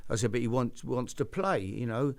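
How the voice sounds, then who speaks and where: A man's voice: medium pitch, lively intonation, normal speed, vocal fry, a little mellow. An older man hosting a chat show, telling stories in a rambling way with many restarts. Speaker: host. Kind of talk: casual storytelling chat.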